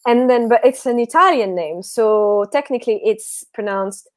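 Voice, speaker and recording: French woman in her own voice, a talk-show guest, lively chatty storyteller with a slightly high voice, dry sound. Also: normal speed, no echo. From France. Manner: chatty, animated storytelling with frequent restarts. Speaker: guest author. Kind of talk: casual chat on a livestream.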